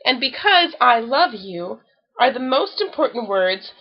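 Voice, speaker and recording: A woman's voice: fairly high pitch, sing-song, a little slow, dull audio, full character voice. A woman voicing a fussy, knowing male rabbit in a storybook, with a sniffy manner. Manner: sniffing, know-it-all.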